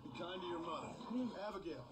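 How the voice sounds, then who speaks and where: An actor playing a weary frontier gunman and father, with a dry, deadpan, straight-man delivery. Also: fairly high pitch, fast, close to an everyday voice. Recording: loud game background noise.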